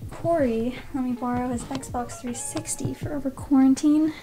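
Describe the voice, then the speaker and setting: A woman's voice: sits high, steady tone, moderate pace. A young woman vlogging her day in a chatty, self-mocking way, sometimes dropping to a near whisper. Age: young adult. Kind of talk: casual vlog chat.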